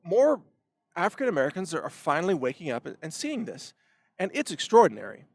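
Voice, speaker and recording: A man ranting through a commentary monologue, his voice sitting a bit high. He swings hard between loud punches and low asides, stumbling and repeating words as he pushes on. The sound is dry and close. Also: wildly swooping pitch, brisk, gravelly, dry recording. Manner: impassioned, ranting, with sharp emphatic swings. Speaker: commentary show host.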